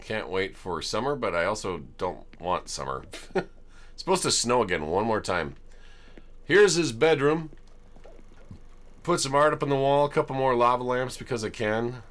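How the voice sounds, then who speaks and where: A man's voice: mid-range voice, big pitch swings, normal speed, pauses often, a bit bright. A man streaming a life-sim game, chatting casually and chuckling as he tours homes he built. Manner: chatty, amused, chuckles often. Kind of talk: casual gameplay commentary.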